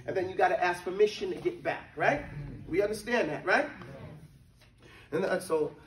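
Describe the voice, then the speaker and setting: A man's voice: high-pitched, normal speed. A man teaching a religious class, checking in with his students and chanting verses to drill them. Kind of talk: interactive classroom lesson. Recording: echoey room from a distant mic.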